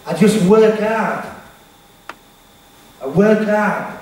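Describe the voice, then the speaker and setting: Man, motivational speaker, emphatic, high voice, slow delivery, echoey hall from far off. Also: animated, a little mellow. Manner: emphatic, repetitive, addresses audience directly. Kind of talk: motivational keynote speech. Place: large hall with teenage audience.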